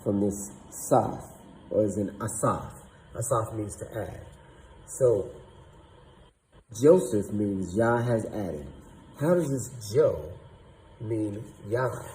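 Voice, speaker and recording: A man teaching a lesson, slowly sounding out syllables and thinking aloud. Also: lowish voice, dark tone, a little hiss or hum, rough recording. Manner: slow and deliberate, sounding out syllables; thinking aloud, doubting himself. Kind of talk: explaining at a whiteboard.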